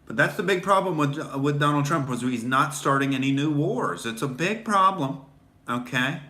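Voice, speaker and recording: A man's voice: on the high side, lively intonation, normal speed, bright, forceful tone, echoey room. Sarcastic male comic ranting. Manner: sarcastic, mocking, swears freely. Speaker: comedian host. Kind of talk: sarcastic comedy rant.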